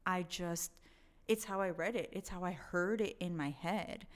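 A woman's voice: on the low side, unhurried. A woman co-hosting a casual book chat, talking enthusiastically in a rambling way.

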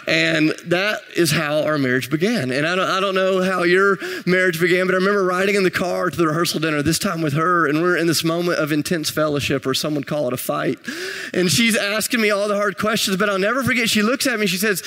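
A male pastor preaches a sermon, his voice pitched a bit high. He tells stories with self-deprecating humor, then builds to rising intensity. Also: quick pace, sharp tone.

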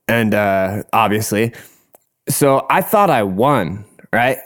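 A man's voice: mid-range voice, expressive, takes it slowly, a bit bright. A young man casually telling a rambling, profane story, laughing as he goes.

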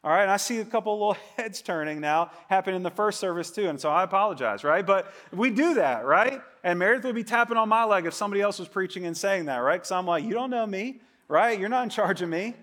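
A middle-aged man preaches in a conversational sermon, his voice sitting a little high. He keeps checking in with the congregation with "right?" and gets higher and louder when he acts out someone's protest. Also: animated, fast, hardly any pauses. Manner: acts out quoted voices with a rising, louder pitch. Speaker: pastor. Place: church service with congregation.

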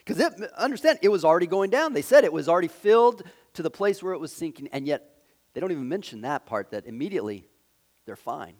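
Male pastor, sermon, slightly high pitch, halting delivery, dramatic volume swings. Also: big pitch swings. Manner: dramatic swings from loud to hushed; halting, frequent fillers and restarts.

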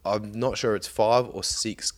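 A man's voice: on the low side, fairly even intonation, measured pace. A man casually telling a story on a podcast, laid-back, swearing often and laughing along.

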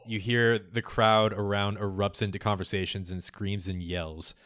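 A man running a tabletop game as game master, giving lively, descriptive narration. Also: lowish voice, normal speed, no echo, clean studio sound.

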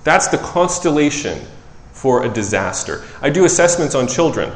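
Conversational preacher in an echoey hall. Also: male voice, mid-range voice, moderate pace. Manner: conversational, self-correcting, animated storytelling. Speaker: preacher and child psychologist. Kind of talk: sermon. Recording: echoey hall with long reverb.

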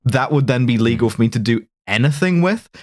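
A man's voice: medium pitch, expressive, brisk, a little mellow, no echo, clean studio sound. A man co-hosting a casual podcast who riffs jokes with a lot of "like" fillers. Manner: joking, riffing, lots of "like". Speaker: podcast co-host. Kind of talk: casual comedic podcast chat.

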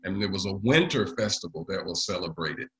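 A man preaching a sermon to his congregation, often pausing with fillers. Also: deep voice, lively intonation, pushed and bright, rough recording. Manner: leads the congregation in call and response; halting, with frequent pauses and fillers. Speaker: pastor.

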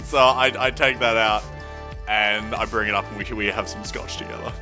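A man recounts his character's find in a tabletop game, halting and amused as he goes. His voice sits fairly low, with clear music playing behind him. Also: steady tone. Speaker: player.

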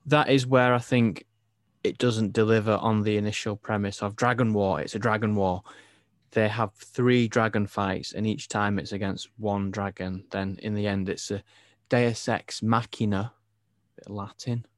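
Opinionated English film podcast co-host, low voice, dead-dry mic. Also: male voice, moderate pace, no echo. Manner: animated, opinionated, laughs easily. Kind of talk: casual film review chat.

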